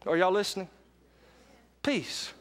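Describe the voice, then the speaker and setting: A man's voice: high voice, animated, unhurried, a bit bright. A man preaching a sermon to a live congregation, emphatic and often calling for responses. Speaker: pastor. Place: church sanctuary with live congregation.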